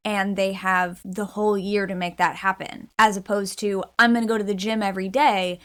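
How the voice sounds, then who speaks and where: A woman talking casually to her viewers in a vlog. She rambles through asides and quotes her own thoughts and other people's words, her pitch jumping up when she voices them. Her voice sits in a middle register. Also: flat delivery, normal speed, hardly any pauses, fairly bright tone. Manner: chatty and rambling, full of asides and quoted self-talk. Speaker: vlogger. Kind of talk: casual chat to camera.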